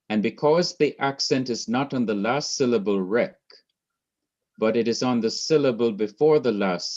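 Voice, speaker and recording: A man teaching a Hebrew grammar class, explaining slowly and carefully with much repetition. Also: fairly low pitch, a little mellow. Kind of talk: recorded class lecture. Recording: dull lo-fi class recording.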